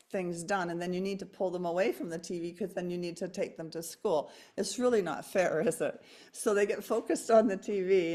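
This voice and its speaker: A woman's voice: mid-range voice, darkish tone. A middle-aged woman hosting an online workshop, talking enthusiastically and laughing often as she tells stories. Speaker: host.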